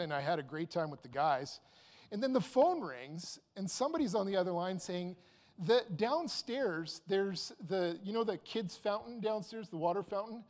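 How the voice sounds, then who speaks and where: A man in his fifties telling a personal anecdote aloud, animated and rambling with fillers and restarts. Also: sits high. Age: 50s. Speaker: storyteller. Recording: long hall reverb.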